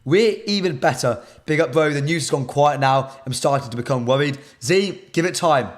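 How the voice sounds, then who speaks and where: A man presenting a live football stream, his voice shot and hoarse, talking casually to his chat and repeating himself. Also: medium pitch, fairly quick.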